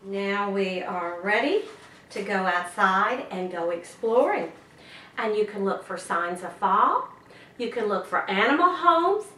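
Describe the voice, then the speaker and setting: A woman giving gentle, encouraging instructions to parents on activities to do with their children. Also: medium pitch, animated. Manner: slow, gentle, encouraging explaining. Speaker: parent educator host. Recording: echoey room, distant mic.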